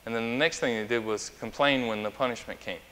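Bright-voiced male pastor in reverberant church. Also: mid-range voice, fast. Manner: chatty and anecdotal, asking the congregation questions. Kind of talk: conversational sermon. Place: church sanctuary.

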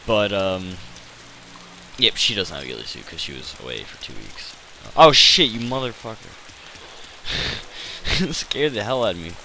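A man's voice: deep voice, huge pitch swings, measured pace, long pauses, pushed and bright, a little hiss or hum, rough recording. A man giving rambling, self-deprecating commentary over his gameplay, hesitant and full of fillers. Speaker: gaming channel host.

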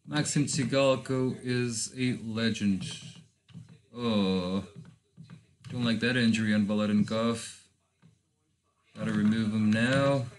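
A man from Lisbon, a native Portuguese speaker, giving casual let's-play commentary in English, thinking aloud with rambling asides and bursts of excitement. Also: fairly low pitch, slow pace, long pauses. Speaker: gaming channel host.

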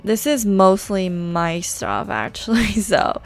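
Female tutorial host, chatty and rambling, slight vocal fry, light music underneath. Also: medium pitch, big pitch swings, slow pace. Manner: chatty, rambling, self-teasing. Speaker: gaming channel host. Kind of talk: casual screen-recorded tutorial. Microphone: desk microphone.

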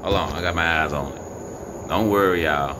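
A man filming the night sky on his phone outdoors, giving excited and profane running commentary to his viewers. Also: rumbling low, normal speed. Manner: animated, profane, incredulous, talks to viewers. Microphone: phone camera. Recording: noisy outdoor phone recording. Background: crickets and insects, passing vehicles.

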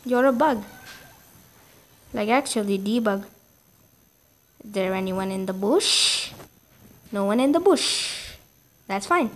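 A woman giving casual gameplay commentary, reacting excitably with quick exclamations. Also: medium pitch.

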